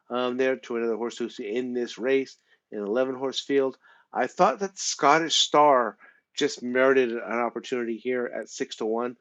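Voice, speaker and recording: A man hosting a horse racing handicapping show. He talks in a rambling way, often restarting and filling with um and uh. His voice sits at an ordinary pitch, and the recording is somewhat dull. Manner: rambling, repeats words and fills with um. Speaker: show host.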